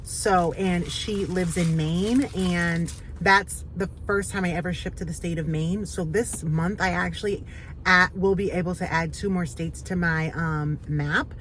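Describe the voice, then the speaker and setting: A woman's voice: fairly low pitch, fairly even intonation, a little slow, fairly bright tone, slight background noise, rough recording. A woman chatting casually to camera for her small business vlog, talking in an upbeat, rambling way with lots of fillers. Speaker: small business owner vlogging.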